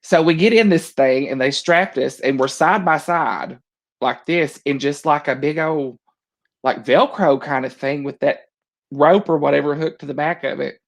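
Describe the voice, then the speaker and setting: Gravelly-voiced storytelling man. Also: a little high, moderate pace. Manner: animated storyteller, laughs often, acts out voices. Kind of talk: casual storytelling chat.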